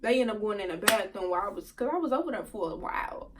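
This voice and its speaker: A young woman telling a storytime vlog to her viewers, animated and profane, laughing often. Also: mid-range voice, fast talker, far from the mic, noisy background. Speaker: vlogger.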